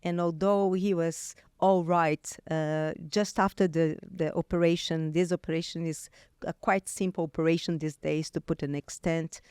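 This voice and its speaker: A woman's voice: lowish voice, normal speed, few pauses, clear, resonant tone, no room sound, clean studio sound. Brazilian-accented woman telling a personal story. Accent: Brazilian Portuguese. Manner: animated, many restarts and fillers. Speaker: guest.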